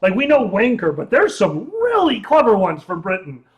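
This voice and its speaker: Brief: male comic guest, high and bouncy pitch, dry quick one-liners. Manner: quick deadpan quips, laughs easily. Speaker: guest comedian. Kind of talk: casual comedic chat. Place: home living room, on a sofa.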